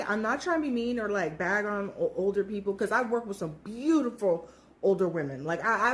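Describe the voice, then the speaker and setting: A woman in her thirties telling a personal story casually, animatedly acting out what people said and swearing freely. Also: fairly high pitch. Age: 30s. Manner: animated, acts out quoted voices, swears freely.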